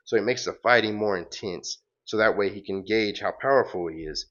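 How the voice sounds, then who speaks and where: A man's voice: on the low side, a little fast, few pauses, a bit bright. A man hosting a casual comic-book read-along, rambling with fillers and self-corrections, on a dull lo-fi recording. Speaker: host reading and recapping comics.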